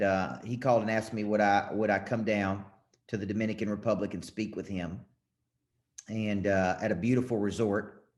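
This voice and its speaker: A man who works as a motivational coach, talking to his audience in punchy, rallying lines. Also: on the low side. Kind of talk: motivational talk show.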